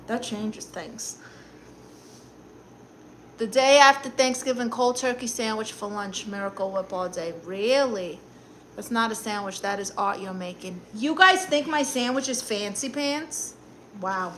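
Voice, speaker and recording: A woman with a Brooklyn, New York accent hosts a casual live stream as a comedic aunt, sassily chatting and answering the chat while she eats. Her mid-range voice is fairly bright, with a little hiss or hum in the audio.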